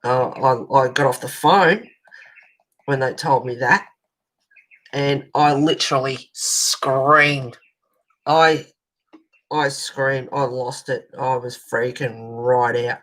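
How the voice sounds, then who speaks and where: A woman's voice: rumbling low, steady tone, slow pace, long pauses, a bit bright, poor audio. An Australian woman hosting a colouring channel, telling a long rambling story in casual chat as she colours, swearing now and then.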